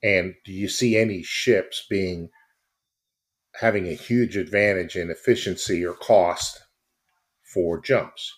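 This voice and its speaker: A man's voice: low voice, slow pace. A man co-hosting a casual podcast, rambling and self-mocking as he talks. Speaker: podcast co-host.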